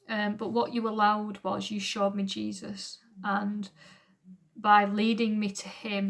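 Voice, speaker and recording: A woman's voice: medium pitch, gravelly. A woman giving an unrehearsed personal church testimony to camera, earnest and rambling, with frequent ums. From England. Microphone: camera recording at home.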